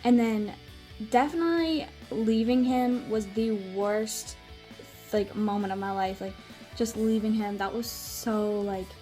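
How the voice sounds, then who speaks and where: A woman's voice: medium pitch, unhurried, mellow, faint music behind. A young woman telling a story in a casual vlog, gushing and using many "like"s. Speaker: vlogger.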